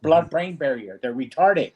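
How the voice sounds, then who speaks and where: A man's voice: fairly high pitch, lively intonation, moderate pace, dark tone, breathy edge. Blunt, indignant man ranting. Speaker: co-host. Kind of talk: heated casual discussion.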